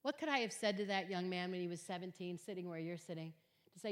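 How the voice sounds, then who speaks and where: A middle-aged woman giving an earnest Christian talk to high school students, telling stories emphatically and swinging from quiet to loud. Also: fast talker. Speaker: guest speaker at a high school. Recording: long hall reverb.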